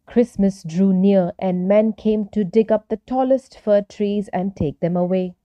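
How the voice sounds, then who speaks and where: A woman narrating a children's story in a gentle, expressive storytelling manner. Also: mid-range voice, a little slow, no echo.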